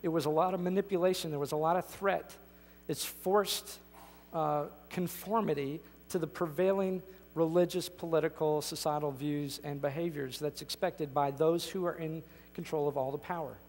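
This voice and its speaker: A man's voice: a little high, fairly even intonation, normal speed, a little mellow. A man preaching a sermon as pastor, emphatic and conversational, often restarting his sentences. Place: church sanctuary. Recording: reverberant church hall.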